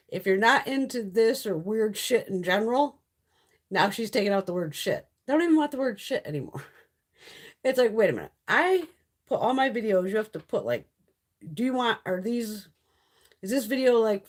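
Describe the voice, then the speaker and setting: A middle-aged woman chats casually on her live stream, blunt and foul-mouthed and quick to laugh. Her voice is husky, and her pitch swings widely as she talks. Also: sing-song. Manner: chatty and blunt, swears freely, laughs often. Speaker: beauty YouTuber hosting a live stream.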